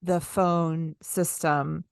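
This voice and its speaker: Animated woman, dry close sound. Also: drawn-out words, vocal fry, clean tone, dry recording. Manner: animated, acts out exasperated customer lines with big pitch jumps. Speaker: podcast co-host. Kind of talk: casual chat.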